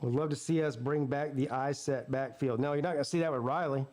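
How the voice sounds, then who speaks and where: A man's voice: medium pitch, fairly even intonation, fast talker, darkish tone, slight background noise. A man hosting a live football watch party, giving blunt, profane play-by-play between fired-up rants. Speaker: sports channel host.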